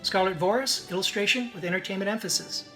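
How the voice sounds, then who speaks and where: High, bright-voiced man giving a commencement address. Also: fast, faint music behind. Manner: formal, reading out graduate names and honors. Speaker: illustration faculty member.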